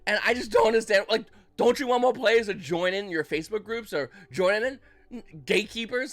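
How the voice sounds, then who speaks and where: Animated man running a card-market rant. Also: high-pitched, normal speed. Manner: animated, acts out buyers' reactions in mock voices; loose, rambling delivery with restarts. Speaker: trading card market commentator. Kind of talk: casual market commentary vlog.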